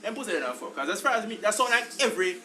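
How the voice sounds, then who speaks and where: A man's voice: high voice, rapid-fire, crowd noise, low-quality recording. A Jamaican man co-hosting a podcast, chatting in patois and calling everyone "brother". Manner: animated, lots of "brother", patois. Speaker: podcast co-host. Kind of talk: casual chat.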